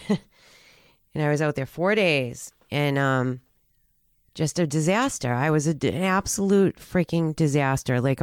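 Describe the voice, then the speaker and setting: Smooth-voiced woman telling a personal story. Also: deep voice, darkish tone, no room sound, clean studio sound. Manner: halting, many restarts and fillers, earnest. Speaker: guest telling her recovery story.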